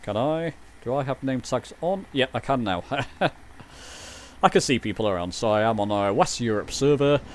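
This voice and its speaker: A man's voice: medium pitch, animated, moderate pace, slight background noise. A man chatting loosely during a flight sim livestream, rambling and poking fun at himself. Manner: chatty, rambling, self-mocking. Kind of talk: casual livestream chat.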